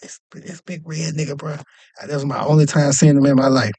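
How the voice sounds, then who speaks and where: A young man casually telling a long, animated story, jumping up in pitch whenever he acts out other people's lines. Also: brisk, no room sound. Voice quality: animated, acts out quoted voices with jumps in pitch. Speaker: podcast host.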